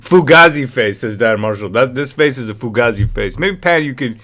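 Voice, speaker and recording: A man's voice: medium pitch, expressive, moderate pace, bright, forceful tone. A man co-hosting a livestream, rambling in casual chat, reading the chat and laughing often. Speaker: livestream co-host.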